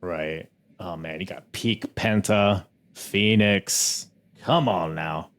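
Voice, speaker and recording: Male podcast host, slightly low voice, laid-back joking banter. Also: slow pace, fairly bright tone. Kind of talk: casual chat.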